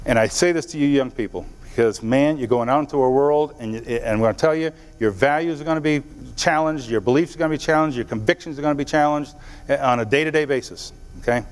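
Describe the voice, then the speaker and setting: A man giving an earnest motivational speech to a live audience, telling stories and talking straight to the crowd. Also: medium pitch. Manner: storytelling, earnest, directly addresses the audience. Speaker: motivational speaker. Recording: long hall reverb.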